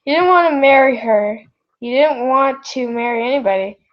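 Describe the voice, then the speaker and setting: A woman's voice: sits high, normal speed, highs cut off. A woman reading fan fiction aloud in a rambling way, often breaking off to apologize, recorded at home at night on a built-in device mic. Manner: rambling, self-interrupting, apologetic. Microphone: built-in device mic, no proper microphone.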